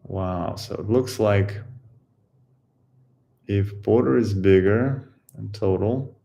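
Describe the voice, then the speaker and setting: A man hosting a coding tutorial, thinking aloud while he works through a problem, halting and musing with many pauses and fillers. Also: fairly low pitch, vocal fry, dark tone.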